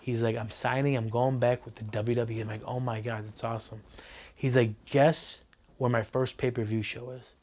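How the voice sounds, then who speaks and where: A man's voice: mid-range voice, level tone, moderate pace, a little mellow. Man recounting his story to camera. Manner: storytelling, retells dialogue, many fillers. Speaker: interviewee telling his story. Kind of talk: documentary interview.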